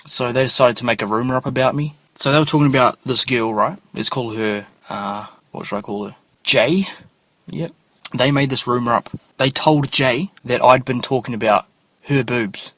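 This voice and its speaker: A man's voice: medium pitch, normal speed, fairly bright tone, dry recording. A man hosting a casual solo podcast, rambling offhandedly and swearing freely. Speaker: podcast host.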